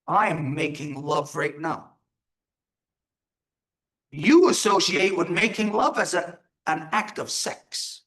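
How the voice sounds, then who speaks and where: A man's voice: a little high, slow pace, pauses often, fairly bright tone. A man giving an emphatic live teaching talk, asking his audience rhetorical questions. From Turtle Island.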